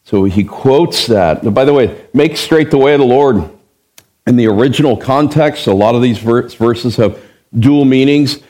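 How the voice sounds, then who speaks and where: A male pastor working through a passage of scripture in a sermon. He keeps an ordinary middle-pitched voice, leans hard on key words and throws rhetorical questions at the listeners. He acts out the quoted lines. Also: normal speed, mellow. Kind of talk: expository Bible sermon.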